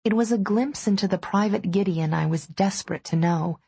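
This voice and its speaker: A woman narrating a first-person romance audiobook in a steady, intimate storytelling manner. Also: mid-range voice, fairly quick, vocal fry, slightly rough, no room sound.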